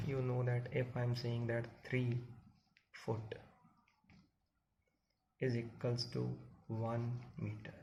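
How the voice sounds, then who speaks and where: A man's voice: mid-range voice, creaky, a little mellow. A man teaching a physics class step by step, repeating points and asking the students questions. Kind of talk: classroom lecture. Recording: dull lo-fi audio with faint hiss.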